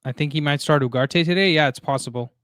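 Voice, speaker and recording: A man hosting a casual live stream, reading chat messages aloud in a relaxed way, with plenty of fillers. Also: a little high, quick pace, smooth, dry recording, clean studio sound. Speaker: livestream host.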